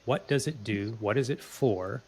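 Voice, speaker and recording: A man's voice: medium pitch, measured pace, a little mellow, slightly rough. A man hosting a podcast interview, chatting earnestly and restarting his words often. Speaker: podcast host. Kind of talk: casual interview chat.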